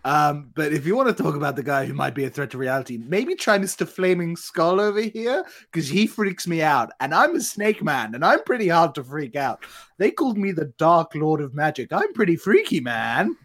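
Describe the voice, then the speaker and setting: A reformed dark lord wizard who stammers through long restarts and rambles about his doubts, voiced by a man. The voice sits a little high, in a tabletop role-play. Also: sing-song, normal speed, heavily acted. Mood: rambling.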